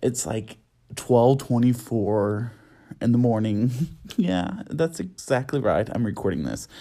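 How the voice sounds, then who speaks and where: A man's voice: mid-range voice, animated, slow pace, mellow. A young man hosting a casual solo podcast, sassy and chatty with lots of fillers, recorded at home at night. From United States. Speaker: podcast host.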